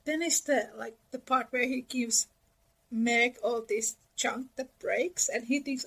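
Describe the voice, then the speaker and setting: A woman co-hosting a book podcast, sharing animated, opinionated views. Her voice sits notably high. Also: a little slow, low-quality recording. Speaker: podcast co-host. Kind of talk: casual book discussion.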